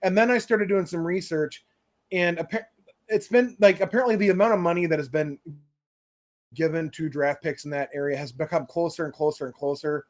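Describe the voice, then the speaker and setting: A man with a fairly high voice chats earnestly on a video call for a fan podcast. He circles back and restarts his sentences while he hunts for the right words, which gives him a thinking-aloud manner. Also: a little fast. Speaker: podcast co-host. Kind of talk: casual chat.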